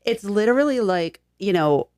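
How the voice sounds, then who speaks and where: A middle-aged woman speaking as a podcast guest, blunt and casually profane, her talk full of "like" and "you know." Her voice sits at an ordinary pitch. The studio sound is close and dry. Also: lively intonation, normal speed, a little mellow, no echo. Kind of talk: frank casual chat.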